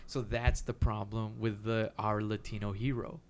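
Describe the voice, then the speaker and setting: A man from Texas with a Texan accent, a comedian in a loose podcast chat. He talks with energy and swearing and drops into quick voices of other people. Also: fairly low pitch. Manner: animated, profane, quick impressions of others.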